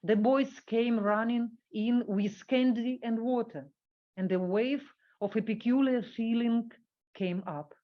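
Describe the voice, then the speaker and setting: A woman giving a workshop talk, reading an academic paper from a script and halting with fillers when she speaks off the cuff. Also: a little high, muffled recording.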